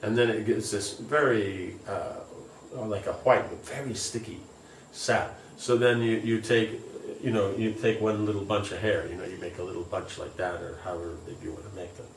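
A man's voice: fairly low pitch, steady tone, normal speed, a little hiss or hum. A man reading scripture aloud and explaining it casually, with many fillers, in a distant, roomy recording. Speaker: scripture teacher. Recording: roomy, distant, faint ambience.

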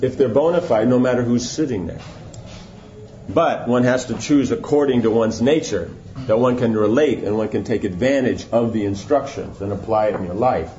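A man's voice: mid-range voice, mellow, lo-fi sound, slight background noise. A man giving an informal spiritual class, explaining points conversationally and often checking in with his listeners. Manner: conversational, keeps checking in with "right?". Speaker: spiritual teacher.

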